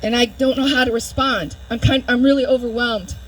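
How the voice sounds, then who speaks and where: A woman's voice: on the high side, fairly even intonation, a little fast, slight background noise, rough recording. A woman giving a personal testimony speech at an outdoor public event, telling her story with vivid detail and imitating beeping sounds. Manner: storytelling, imitates heart monitor beeps. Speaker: speaker at a public demonstration.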